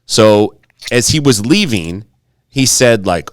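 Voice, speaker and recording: A man's voice: lowish voice, animated, takes it slowly, dry recording. A man co-hosting a podcast, telling a story in casual chat, swearing freely and acting out the quotes. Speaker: podcast co-host.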